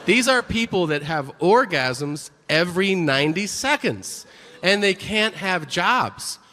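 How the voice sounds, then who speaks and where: A man's voice: high voice, big pitch swings, takes it slowly, pushed and bright, in a large hall. A man doing a stand-up comedy routine on stage before a live audience, telling profane stories and acting out the characters in them.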